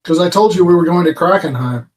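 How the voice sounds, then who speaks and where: A man playing a tabletop game casually, talking in an animated, commanding way. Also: high voice, quick pace, a little hiss or hum, poor audio. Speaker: player.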